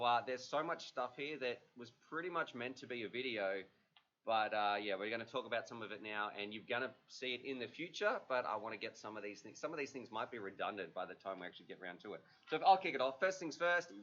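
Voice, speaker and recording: A man's voice: medium pitch, lively intonation, fast talker, pushed and bright. A man hosting a livestream, chatting casually and rambling with plenty of fillers. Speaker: livestream host. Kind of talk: casual chat. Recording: dull lo-fi livestream audio.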